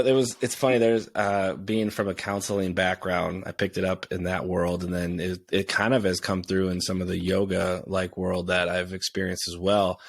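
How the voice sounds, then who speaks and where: Reflective low-voiced male podcast host. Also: gravelly, no echo. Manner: reflective, thoughtful, agreeable. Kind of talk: casual podcast conversation.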